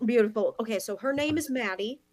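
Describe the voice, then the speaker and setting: A woman's voice: on the high side, expressive, brisk, a little mellow, natural voice. A woman improvising a brash, scheming mother of the bride in live improv comedy. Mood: brassy. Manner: brassy, blunt.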